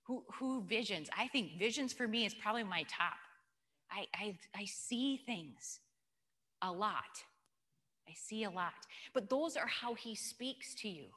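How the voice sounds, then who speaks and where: A woman's voice: mid-range voice, bright, forceful tone. A woman giving an informal church teaching talk, telling stories and asking the audience questions. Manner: chatty, storytelling, asks the audience questions. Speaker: church speaker. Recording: long hall reverb.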